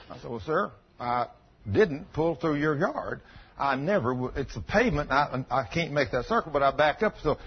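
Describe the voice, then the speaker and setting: A man's voice: fairly high pitch, expressive, moderate pace, slightly rough. A man preaching a sermon in a folksy storytelling way, acting out both sides of a conversation. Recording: dull lo-fi recording.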